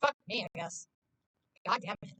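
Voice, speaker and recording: A woman's voice: medium pitch, animated, moderate pace, pushed and bright, slightly rough, no room sound. A woman streamer in casual live-stream chat, talking freely to her viewers, swearing often and filling her talk with "like". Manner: chatty, swears often, heavy use of "like".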